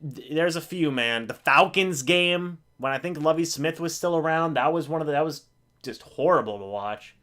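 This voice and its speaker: A man with a fairly high voice hosts a live reaction to a game. He calls the plays excitedly and begs the players not to mess up. He jokes about the pain of losing. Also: normal speed. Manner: excitable, pleading with players, self-mocking humor. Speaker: live-stream reaction host.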